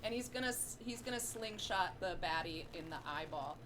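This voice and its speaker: A woman's voice: mid-range voice, expressive, normal speed, fairly bright tone, slight background noise. A woman narrating as game master in a casual rambling way, swearing freely.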